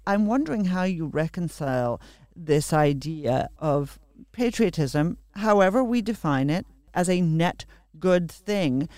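A man's voice: on the high side, animated, a little slow, a little mellow, no echo. A man from Australia hosting an interview, asking emphatic questions with frequent restarts.

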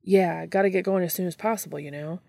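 A woman reading the part of a restless male monster hunter who talks in a hurried, defensive way. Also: fairly low pitch, steady tone, vocal fry, darkish tone, no echo, studio quality.

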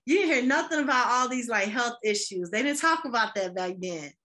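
A woman in casual podcast chat, animated, laughing often and acting out quoted voices. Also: a little high, brisk. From Midwest.

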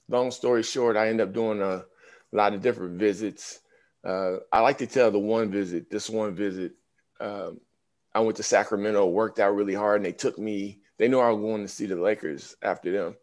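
A man's voice: lowish voice, normal speed. A man in his fifties, a former pro basketball player, telling stories in a casual interview and acting out the voices of people he quotes. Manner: animated storyteller, acts out quoted voices.

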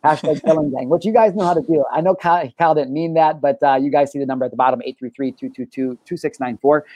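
Male live-show host, slightly high-pitched, lively swearing storyteller, dry close sound. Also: quick pace, no room sound. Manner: energetic, animated storyteller, swears freely. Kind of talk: casual live-stream chat and storytelling.

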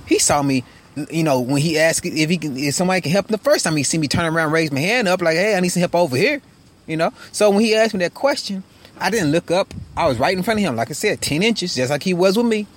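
Male podcast host, slightly high voice, frank and profane, animated storyteller, recording in a car. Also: fast talker. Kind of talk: casual storytelling monologue. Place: inside a parked car.

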